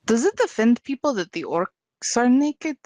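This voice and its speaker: A woman's voice: a little high, sing-song, normal speed, mellow, no room sound. A woman playing in a tabletop role-playing game, giggly and laughing often. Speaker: player.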